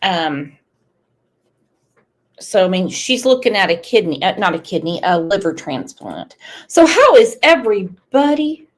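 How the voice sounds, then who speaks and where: A woman's voice: medium pitch, very animated, unhurried. A woman with a cold and a congested voice, hosting a casual true crime livestream, blunt and outspoken as she reads chat. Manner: blunt, outspoken, with emotional asides. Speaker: true crime channel host.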